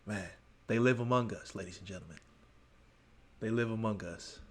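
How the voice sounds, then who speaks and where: A man's voice: fairly low pitch, normal speed. A man with a Texan accent hosting a reaction video, talking casually to his viewers. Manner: laid-back, talks to viewers as "y'all" and "man".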